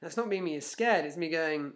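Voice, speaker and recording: Animated man telling stories to camera. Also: fairly high pitch, moderate pace. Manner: animated storyteller, frequent restarts, acts out inner voices. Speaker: self-help vlogger. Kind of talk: casual motivational talk to camera.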